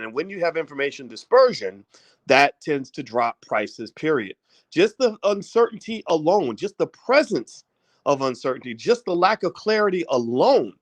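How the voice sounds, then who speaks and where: A man giving a casual, animated talk on finance straight to his viewers at a desk mic, with folksy asides. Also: fairly high pitch, no echo. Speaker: finance commentator. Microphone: desk microphone.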